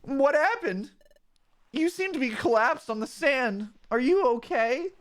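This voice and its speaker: A man doing an earnest high Mudkip. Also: expressive, measured pace, fairly bright tone, full character voice. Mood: worried. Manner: raised, earnest storybook voice. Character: friendly young male Mudkip partner, earnest.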